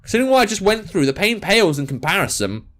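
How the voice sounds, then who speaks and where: A man's voice: high-pitched, big pitch swings, fast talker, fairly bright tone. A young man reading a visual novel aloud and adding jokey, sarcastic asides. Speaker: gaming video host.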